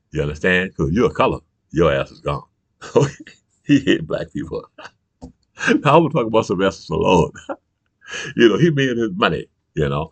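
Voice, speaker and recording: Gravelly deep-voiced man ranting. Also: no echo. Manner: heated, profane, keeps asking "you understand?". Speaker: show host. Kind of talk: ranting political monologue.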